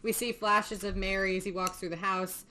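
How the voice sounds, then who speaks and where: A woman's voice: mid-range voice, level tone, normal speed, sharp tone, slight background noise. A woman hosting a podcast, recapping a film scene by scene in casual chat, swearing freely and laughing often. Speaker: podcast host.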